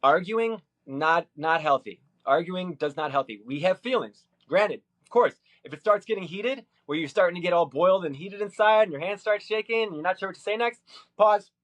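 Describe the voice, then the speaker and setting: Guy from minnesota rambling into a vlog, lots of uhs and restarts, kinda high voice. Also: expressive, moderate pace. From Minnesota, USA. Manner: hesitant, many fillers and restarts. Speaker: vlogger. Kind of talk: rambling personal recounting.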